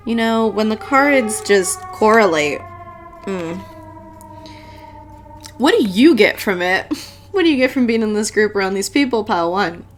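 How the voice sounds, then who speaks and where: A woman giving a casual tarot reading to her viewers, chatty and blunt, swearing freely and laughing often. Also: mid-range voice. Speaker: tarot reader.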